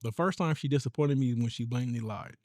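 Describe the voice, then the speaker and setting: A man's voice: medium pitch, quick pace, a little mellow, dry recording, clean studio sound. A man co-hosting a podcast in casual chat, telling stories about raising his daughter in an easygoing way. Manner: easygoing storyteller, acts out stern quotes to his daughter. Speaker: podcast co-host.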